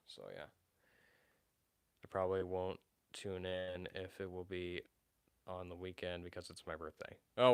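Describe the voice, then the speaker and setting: Young male streamer, deep, clean voice, loose rambling chat. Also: a bit bright, smooth. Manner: rambling, many fillers and restarts. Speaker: livestream host. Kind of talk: casual livestream chat.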